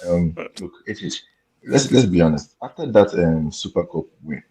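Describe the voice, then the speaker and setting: Give me a deep, husky man from Nigeria talking football, hesitant and hushed. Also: lively intonation, normal speed, rough recording. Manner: hesitant, with many fillers and restarts; keeping his voice down at night. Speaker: panelist. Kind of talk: casual chat. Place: home at night.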